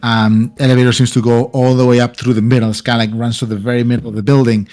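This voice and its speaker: A man's voice: mid-range voice, flat delivery, fast, a little mellow. A man describes scenes as game master, stopping and restarting often. Faint music plays under his voice. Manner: hesitant, many fillers and restarts. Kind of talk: narrating a tabletop game.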